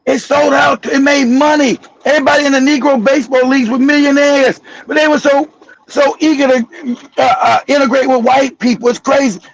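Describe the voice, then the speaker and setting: A man's voice: very high-pitched, level tone, brisk, creaky, poor audio. A man hosting a casual livestream, talking bluntly and emphatically, often repeating himself. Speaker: livestream host.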